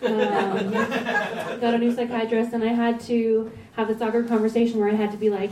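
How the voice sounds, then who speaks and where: Mellow-voiced deadpan woman comic. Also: on the high side, moderate pace, a little hiss or hum. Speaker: stand-up comedian. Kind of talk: stand-up comedy. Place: comedy venue, stage. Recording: echoey room recorded from a distance.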